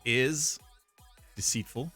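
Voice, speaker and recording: A man's voice: medium pitch, slow pace, sharp tone, soft background music. A young man streaming live, chatting casually and rambling, repeating himself with fillers and laughs.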